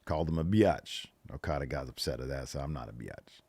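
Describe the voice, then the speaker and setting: A man's voice: very deep voice, fairly quick, darkish tone, husky, dry recording. A man co-hosting a wrestling podcast, chatting loosely with plenty of fillers. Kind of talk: casual recap chat.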